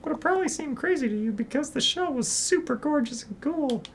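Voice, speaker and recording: A woman voicing a timid, earnest young crab who gets shrill when startled. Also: lively intonation, a little fast, a little hiss or hum.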